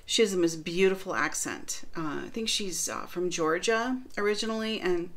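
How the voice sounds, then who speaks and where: A woman's voice: on the low side, moderate pace, a bit bright. A middle-aged woman from the northern United States, chatting casually through a baking demo and product review with lots of fillers. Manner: chatty, rambling, many fillers. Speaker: baking vlogger.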